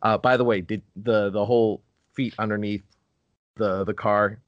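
A man's voice: fairly low pitch, steady tone, normal speed, no echo, dull audio. A man co-hosting a podcast in casual chat, rambling, laughing often and wandering off on tangents. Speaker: podcast co-host.

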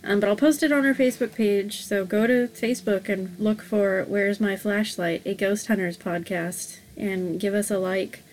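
A woman's voice: mid-range voice, steady tone, normal speed, hardly any pauses, a little hiss or hum. A woman co-hosting a casual podcast, rambling with many hesitant fillers. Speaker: podcast co-host.

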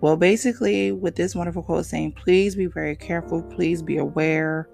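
A man hosting his own podcast in casual solo talk, emotional and animated, slipping into soft whispery asides. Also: a little high, normal speed, vocal fry, faint music behind. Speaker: podcast host.

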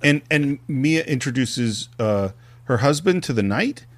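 A man's voice: mid-range voice, lively intonation, measured pace. A man co-hosting a film podcast, retelling scenes and acting out bits of dialogue in casual discussion.

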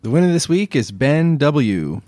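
Man reading a review flatly. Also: a little high, unhurried, a crowd in the background, background noise. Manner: flat reading delivery. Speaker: podcast producer reading a listener review. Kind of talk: reading aloud.

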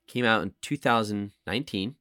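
A man's voice: lowish voice, a little fast, sharp tone, no echo, clean studio sound. Rambling man hosting a podcast. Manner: rambling, hesitant, with frequent restarts. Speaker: podcast host. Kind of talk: casual podcast chat.

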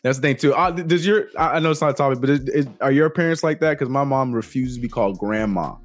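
A man co-hosting a podcast in casual chat, animated and quick to jump in with agreement. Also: medium pitch, no echo, soft background music. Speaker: podcast co-host.

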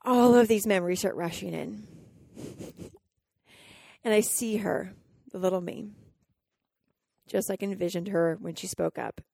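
A woman's voice: mid-range voice, a little slow, vocal fry, long pauses, a little mellow, no room sound, clean studio sound. A woman from Colorado hosting a podcast, telling a personal story in a candid, emotional way, with fillers and restarts. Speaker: podcast host.

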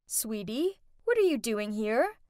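A woman voicing a gentle, hurt middle-aged mother. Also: a little high, sing-song, measured pace, no echo, studio quality. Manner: soft, wounded.

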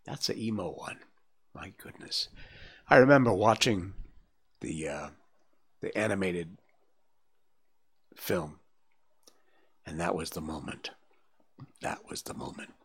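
A man hosting a live stream, reading a storybook aloud in a gentle, measured way. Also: low-pitched, breathy edge. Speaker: livestream host reading a book aloud.

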